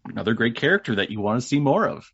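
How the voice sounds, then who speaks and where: A man's voice: mid-range voice, big pitch swings, rapid-fire, gravelly, a bit bright, husky, dry recording. A man co-hosting a podcast, animatedly retelling film scenes in casual chat. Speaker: podcast co-host. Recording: dull lo-fi dry sound.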